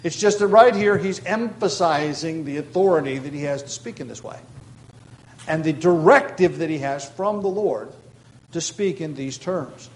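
Working through a scripture passage, a male pastor gives a steady, explanatory expository sermon. His voice is a bit higher than most men's, rising to stress key points while small hesitations and frequent fillers fill his pauses. The recording is rough.

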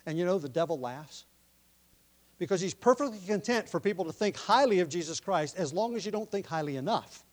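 A man preaching from the pulpit in a voice that sits a little higher than most men's. He works through the text like a teacher going over his notes, then presses his listeners with emphatic, forceful questions. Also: expressive, fairly quick. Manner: teaching from notes, explains word meanings. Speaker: pastor. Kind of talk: sermon.

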